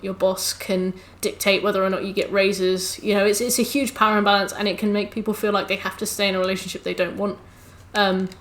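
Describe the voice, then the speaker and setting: A woman's voice: mid-range voice, a bit bright. A young woman, chatting casually and ranting with swear words to her live-stream chat while gaming. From England. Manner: chatty, ranty, swearing, quick asides to chat. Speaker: game streamer.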